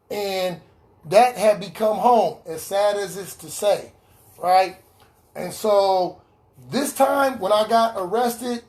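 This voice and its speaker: A man giving an earnest personal testimony in an online recovery meeting, repeating key lines for emphasis over a video call. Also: high voice. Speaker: recovery speaker sharing his story.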